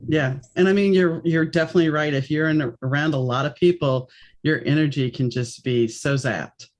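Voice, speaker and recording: A middle-aged woman from New Orleans with a faint, mixed American accent, hosting a casual podcast interview in a chatty, animated way. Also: low voice, a little fast. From New Orleans, United States. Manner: chatty, animated, jumps between stories. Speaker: podcast host.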